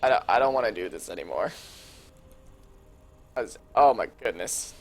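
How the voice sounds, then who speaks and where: A young adult student caster rambling casually and hesitantly to fill a long pause in a game stream, with self-deprecating asides. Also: medium pitch, lively intonation, vocal fry.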